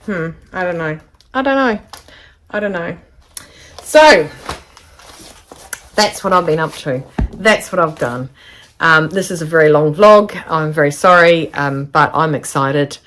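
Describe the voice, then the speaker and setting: Woman, sewing vlogger, chatty and excitable, slightly low voice, home studio. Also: measured pace. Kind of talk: casual chat to camera.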